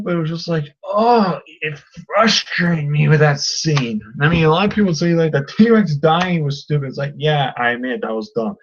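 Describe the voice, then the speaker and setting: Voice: medium pitch, muffled recording. A video reviewer in a casual vlog, ranting in an exasperated way with many fillers. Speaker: film reviewer.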